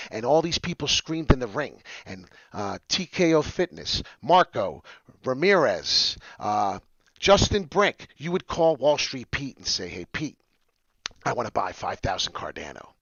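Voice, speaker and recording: Male crypto-stream host, animated and rambling, mutters then shouts; lo-fi dry recording. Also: mid-range voice, moderate pace, no room sound. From New York. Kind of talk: casual livestream chat.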